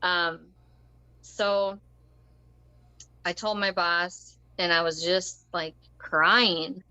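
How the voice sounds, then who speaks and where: A woman's voice: lowish voice, fairly even intonation, drawn-out words, pushed and bright, clear, resonant tone, dry recording, lo-fi sound. A woman telling a personal story as an interview guest, rambling and conversational, with frequent ums and short laughs.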